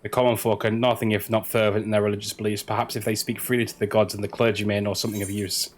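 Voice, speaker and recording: A man's voice: lowish voice, little pitch movement, fast talker, slight background noise, lightly acted. A man reading aloud an earnest male investigator from a game, stumbling on words now and then. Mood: steady. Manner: reads quest dialogue aloud, stumbling on words.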